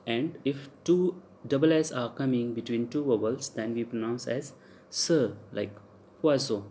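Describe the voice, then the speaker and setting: A man with an Indian English accent gives a French pronunciation lecture at an unhurried, deliberate pace. His voice sits at an ordinary middle pitch. He stops often on fillers and says each example word twice. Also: warm tone, slight background noise. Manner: halting, many uh fillers, repeats example words slowly.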